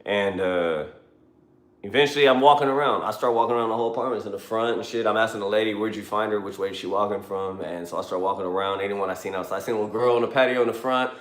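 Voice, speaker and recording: A man's voice: on the low side, racing. A man telling a long story in a rambling, profane, conversational way during a livestream from a car. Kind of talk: casual storytelling. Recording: roomy echo.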